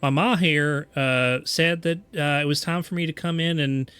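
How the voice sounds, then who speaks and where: A man's voice: on the high side, steady tone, normal speed, fairly bright tone, smooth, no echo, soft background music, pitched above the performer's own voice, natural voice. A man putting on a rambling Southern courier girl. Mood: flustered. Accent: attempted American Southern. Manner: rambling, self-correcting. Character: young woman courier, fumbling and chatty.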